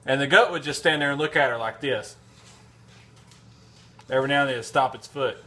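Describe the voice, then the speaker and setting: A man's voice: mid-range voice, brisk, bright, forceful tone. A man telling a casual, rambling anecdote in a vlog, full of restarts and fillers. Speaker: vlogger. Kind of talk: casual storytelling.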